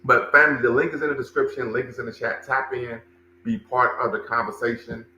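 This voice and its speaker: A man's voice: medium pitch, flat delivery, fairly quick, pushed and bright, echoey room, lo-fi sound, slight background noise. A man hosting a livestream, commenting and talking with his chat, emphatic and repeating phrases for stress. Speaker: livestream show host and cultural center director.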